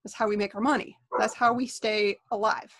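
A woman's voice: medium pitch, steady tone, fairly quick, fairly bright tone. A woman who works at a movie theater, talking bluntly in a casual chat. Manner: blunt, exasperated about customers.

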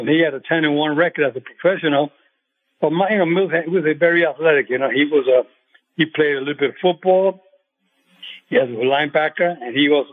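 Older man on a tinny phone line. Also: on the high side. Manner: halting, many fillers and restarts. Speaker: retired boxing referee, guest. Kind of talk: phone-in radio interview.

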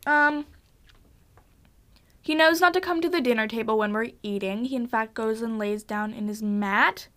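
A woman's voice: fairly high pitch, normal speed, fairly bright tone. A young woman hosting a casual solo podcast from her basement at home, chatting in a bubbly, gushing, rambling way with lots of fillers. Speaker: podcast host.

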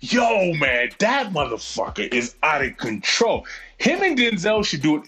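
A man ranting in casual podcast chat, cursing in nearly every sentence. His voice sits a bit high for a man and swings up and down a lot as he gets worked up. He sounds heated and blunt. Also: wildly swooping pitch, measured pace, bright, forceful tone, slightly rough, low-quality recording. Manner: heated, swears constantly, ranting.

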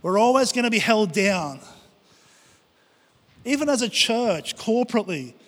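A man's voice: high-pitched, very animated, a little slow, a bit bright. A man preaching a passionate sermon to his church, acting out prayers and quotes. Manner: impassioned, acts out prayers and quotes. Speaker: pastor. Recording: long hall reverb.

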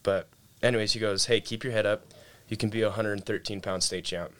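Young male guest, slightly low voice, relaxed storytelling with lots of filler words. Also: brisk, background noise. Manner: laid-back storytelling, heavy on "like" and "dude". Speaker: guest telling his story. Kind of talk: casual chat.

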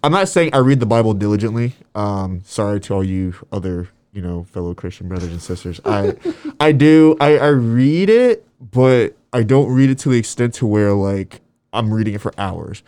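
Animated man in his twenties telling stories. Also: fairly low pitch, moderate pace, clear, resonant tone, no echo. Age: 20s. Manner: animated storyteller, acts out quotes, trails off softly. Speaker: guest. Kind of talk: casual faith chat.

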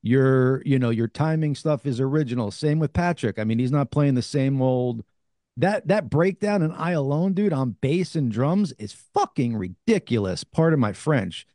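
A man's voice: medium pitch, lively intonation, moderate pace, dark tone, no echo, studio quality. A man with a New Jersey accent hosting a casual interview, enthusiastic and cursing freely. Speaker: podcast host.

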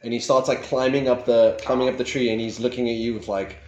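Rambling game master in an echoey room. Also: male voice, mid-range voice, little pitch movement, fast talker, a little mellow, muffled recording, a little hiss or hum. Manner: rambling, full of fillers and restarts. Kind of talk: narrating a tabletop game.

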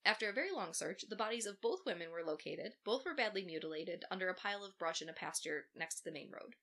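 A woman's voice: mid-range voice, expressive, fast, fairly bright tone. A woman co-hosting a podcast, telling a true crime case in a casual way with profane, sarcastic asides. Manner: profane, sarcastic asides while recounting facts.

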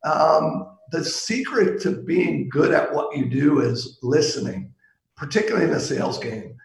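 A middle-aged man from Pittsburgh, a sales executive guest, telling golf stories in a relaxed, anecdotal way with lots of fillers. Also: on the high side, unhurried, gravelly, echoey room, poor audio. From Pittsburgh, USA. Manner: warm anecdotal, chuckles, trails off with fillers. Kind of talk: casual storytelling.

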